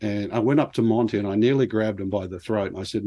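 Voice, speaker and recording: A middle-aged man with a fairly low voice tells stories from his playing days in a relaxed, chatty way. He pokes fun at himself and laughs easily as the anecdotes build. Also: moderate pace. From New Zealand. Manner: animated anecdotes with self-deprecating laughs. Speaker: former pro golfer, guest. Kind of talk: casual storytelling interview.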